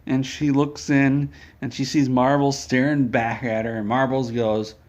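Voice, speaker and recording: A man telling an absurd comic story in a deadpan way, dropping in mock ad plugs. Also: mid-range voice, unhurried. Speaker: comedic storyteller.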